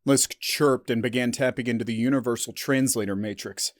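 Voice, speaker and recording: A male narrator reads a science fiction story in a steady, dramatic way. His voice sits mid-pitched, and the recording is close and dry with no room sound. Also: fairly quick, no room sound.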